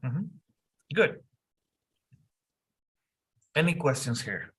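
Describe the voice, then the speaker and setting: A man tutors a single student in English, speaking slowly and deliberately. He repeats each instruction patiently. His pitch sits in a middle range. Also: big pitch swings, a bit bright, husky. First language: Spanish. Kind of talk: one-on-one lesson coaching.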